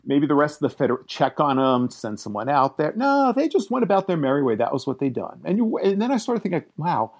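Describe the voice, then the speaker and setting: A man's voice: fairly high pitch, very animated, fast, few pauses, darkish tone. A man co-hosting a casual film podcast, talking in a wry, emphatic way. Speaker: podcast co-host. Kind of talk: casual chat about a film.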